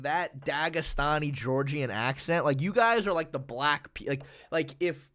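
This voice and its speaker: Male streamer from the USA, slightly high voice, loose rambling delivery full of fillers and curses. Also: fairly bright tone. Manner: rambling, filler-heavy, swears freely. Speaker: livestream host. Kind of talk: casual chat.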